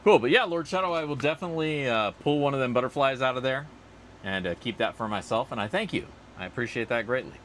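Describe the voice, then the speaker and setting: A man's voice: medium pitch, fast talker, a bit bright, slight background noise. A man hosting a casual livestream outdoors, rambling and chatty as he answers viewer comments. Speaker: livestream host.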